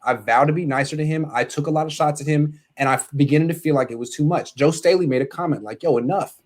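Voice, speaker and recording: A male sports podcast host in casual chat, ranting in an animated, exasperated way. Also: a little high, fast talker.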